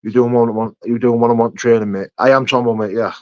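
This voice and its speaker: A young livestream host chats with his audience, reading their names, greeting them and answering questions in a friendly, matey style. He talks fast in a mid-range voice with fairly even intonation, with no room sound and a dull, muffled recording.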